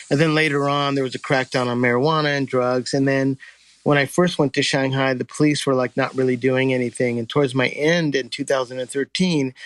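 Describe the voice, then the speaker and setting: A man from the United States tells his stories in a relaxed, animated way. His voice sits at a middle pitch and is recorded dry and close, with no room sound. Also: dry recording. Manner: animated, acts out voices and sings in quotes. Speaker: storyteller guest. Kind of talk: casual storytelling.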